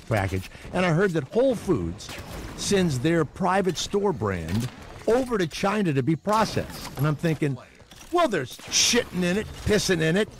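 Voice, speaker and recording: A man's voice: fairly high pitch, background noise. A man from Louisiana hosting a call-in radio show, ranting in a rambling, profane, opinionated way. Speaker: radio talk show host.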